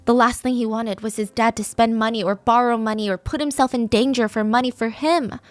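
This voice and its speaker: A woman hosting a true crime podcast, telling a case in a casual, conversational way with lively asides. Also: on the high side, fairly quick, dry recording. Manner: conversational, animated asides, raises voice for quoted lines. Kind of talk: casual storytelling narration.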